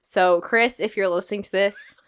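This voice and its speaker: A teenage girl chatting casually as a podcast guest, bubbly and quick to laugh. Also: mid-range voice, fairly even intonation, clean tone. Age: teens. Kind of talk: casual chat.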